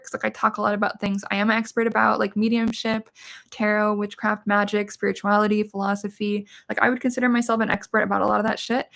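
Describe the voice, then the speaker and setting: A middle-aged woman hosts a casual livestream and talks to her viewers candidly. Her voice carries a gravelly creak at mid pitch, and she speaks with emphasis and swears freely. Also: fairly bright tone. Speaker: livestream host, witch and medium.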